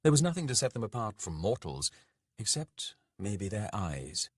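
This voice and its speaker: A man narrating a dark fantasy audiobook in a measured, dramatic way. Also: on the low side, sing-song, breathy edge, no echo, clean studio sound.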